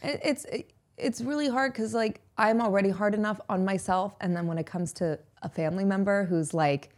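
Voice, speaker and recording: A woman's voice: mid-range voice, brisk, darkish tone. A woman in her twenties talking as a podcast guest, earnest and open, with lots of "like" fillers. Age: 20s. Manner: earnest, heavy use of "like" fillers. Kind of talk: casual chat.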